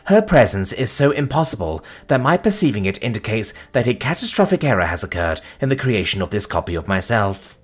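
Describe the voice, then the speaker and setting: Low-voiced man narrating a story. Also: very animated, fairly quick, few pauses. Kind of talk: scripted first-person narration.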